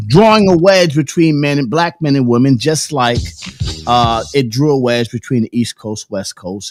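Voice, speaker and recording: A man hosting a casual live stream, telling loud, profane stories with lots of laughter and sing-song bits. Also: medium pitch. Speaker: host.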